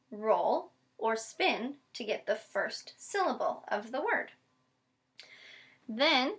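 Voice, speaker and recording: A woman teacher giving a patient one-on-one phonics lesson, modeling each step slowly and spelling words out letter by letter. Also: a little high, fairly bright tone. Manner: slow, deliberate modeling with frequent check-ins. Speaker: special education teacher.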